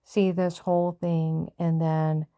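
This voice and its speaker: A woman's voice: sits low, little pitch movement, slow, dark tone, clear, resonant tone, no echo, studio quality. An older woman tells a family story in a plain-spoken, repetitive way, sighing now and then. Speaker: mother telling a family story. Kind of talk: personal storytelling.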